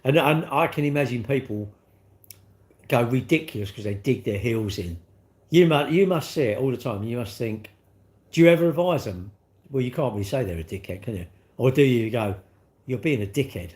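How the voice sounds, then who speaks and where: A middle-aged British man hosts his own livestream, chatting on in a loose, rambling way. He keeps acting out little back-and-forth exchanges as he goes. His voice sits at an ordinary middle pitch for a man. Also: expressive, normal speed, a little mellow. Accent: British English. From United Kingdom. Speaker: livestream host. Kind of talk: casual livestream chat.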